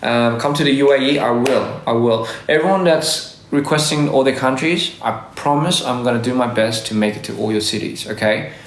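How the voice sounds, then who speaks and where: A man's voice: medium pitch, normal speed, few pauses. A man talking to fans on a casual livestream, his mid-range voice upbeat and rambling, tripping over words as he goes. The sound is roomy and echoey, picked up on a phone. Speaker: musician hosting a live stream. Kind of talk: casual livestream shout-outs. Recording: echoey room.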